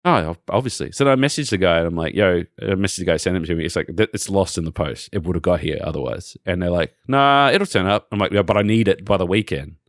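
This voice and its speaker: A man's voice: deep voice, quick pace, few pauses, dry recording, studio quality. An Australian man co-hosting a podcast, telling rambling, sweary stories in a casual chat. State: recently sick. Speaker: podcast co-host.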